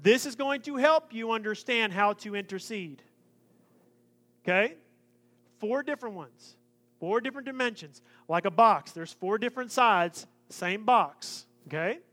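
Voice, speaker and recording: A man preaching a sermon, joking and lively in his asides. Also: high-pitched, a little slow. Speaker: pastor.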